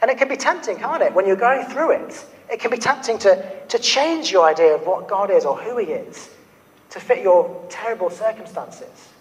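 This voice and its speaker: A man preaching a sermon, his voice sitting high for a man. He talks earnestly and keeps turning questions back on his listeners. A long reverb hangs behind him, as in a church hall. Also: lively intonation, normal speed.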